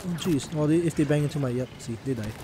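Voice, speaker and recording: A man giving excited live commentary while playing a co-op shooter, yelling at enemies and teammates. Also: a little high, noisy background. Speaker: gamer playing co-op multiplayer. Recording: game music playing behind.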